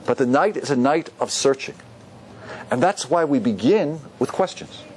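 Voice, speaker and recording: A rabbi giving a lively Torah class to an audience, often asking them questions. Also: male voice, mid-range voice, moderate pace, slight background noise. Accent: Ashkenazi Hebrew pronunciation.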